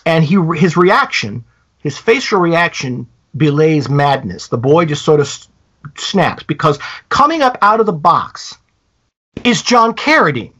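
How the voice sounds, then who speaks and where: A man co-hosting a podcast, retelling a story in a casual, animated way with many halting restarts. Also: on the high side, slightly rough. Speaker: podcast co-host. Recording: dull lo-fi podcast audio.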